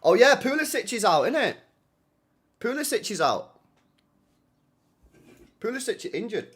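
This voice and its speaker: A man's voice: very high voice, big pitch swings, measured pace, a bit bright, breathy edge. Chatty man streaming a watchalong. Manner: rambling, slangy, swears casually, laughs often. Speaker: streamer hosting a football watchalong. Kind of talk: casual live-stream chat.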